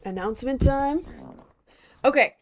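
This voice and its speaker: A woman with a high, unhurried voice chats casually on a livestream. She's a streamer and cosplayer, rambling as she talks straight to her viewers.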